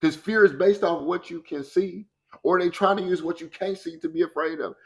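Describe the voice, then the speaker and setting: A man's voice: high-pitched, fairly even intonation, brisk. A man speaking as a motivational speaker in a colloquial, preachy way, acting out the voices he quotes. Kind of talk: motivational talk.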